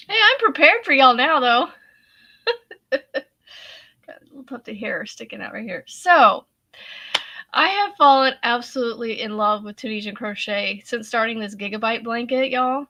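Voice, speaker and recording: Chatty woman host with a high, bright voice, giggling through tears, calls everyone y'all. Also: lively intonation, unhurried, long pauses, dull audio. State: laughing to tears. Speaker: crochet livestream host. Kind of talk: casual livestream chat.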